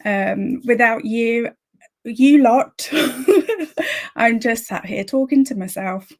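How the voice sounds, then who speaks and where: A woman's voice: on the high side, takes it slowly. A woman hosting a casual livestream, greeting viewers by name and chatting about her plans. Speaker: livestream host.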